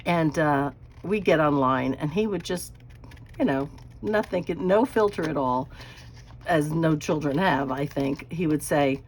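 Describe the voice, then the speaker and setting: Low-voiced chatty woman crafting. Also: a little slow, slightly rough. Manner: chatty, folksy storytelling with soft laughs; drops to a quiet aside while working on crafts. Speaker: craft channel host. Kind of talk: casual chat while crafting.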